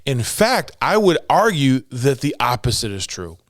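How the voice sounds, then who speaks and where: A man's voice: medium pitch, very animated, unhurried, a bit bright, no room sound, clean studio sound. A man in his forties hosting a casual solo podcast from his home office, jokey and motivational in tone. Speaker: podcast host.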